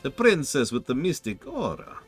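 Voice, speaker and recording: A haughty male sorcerer villain drawls his threats in a raised, theatrical vampire-like voice, put on by a man. He gloats slowly, and his pitch swoops high and low. Faint music plays underneath. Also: sing-song, breathy edge. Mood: menacing. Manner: slow, gloating, menacing.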